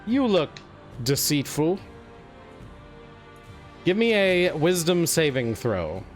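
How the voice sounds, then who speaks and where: A man's voice: a little high, very animated, takes it slowly, faint music behind. A man voicing a bored, commanding devil. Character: weary, imperious male devil.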